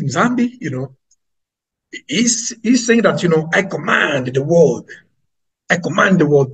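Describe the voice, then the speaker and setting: A man's voice: mid-range voice, slightly rough, rough recording. A man with an Angolan accent preaching to an online audience, emphatic and repetitive, calling his listeners family.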